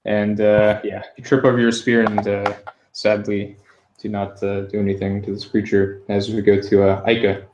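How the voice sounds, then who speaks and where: A man's voice: lowish voice, completely flat delivery, normal speed, a little mellow, dull audio, a little hiss or hum. A man running a tabletop game as game master, speaking casually and loosely. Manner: casual, loose, with fillers and asides.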